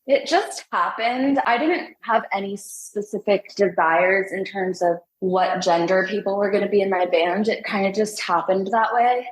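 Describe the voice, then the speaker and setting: A woman's voice: medium pitch, normal speed, hardly any pauses, slightly rough, low-quality recording. Chatty young woman, a bit breathless. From United States. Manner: chatty, upbeat, laughs often. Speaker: singer and guest. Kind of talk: casual interview chat.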